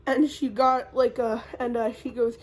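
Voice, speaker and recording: A young woman rambling casually through a recap as a YouTuber, swearing often and filling pauses with ums and uhs. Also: fairly high pitch, little pitch movement, darkish tone. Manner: rambling, profane, lots of fillers.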